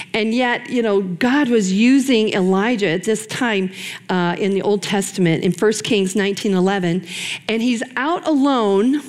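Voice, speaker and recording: A middle-aged woman preaching a sermon to a women's ministry group, earnest and personal, with dramatic pauses and a lively delivery. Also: on the high side.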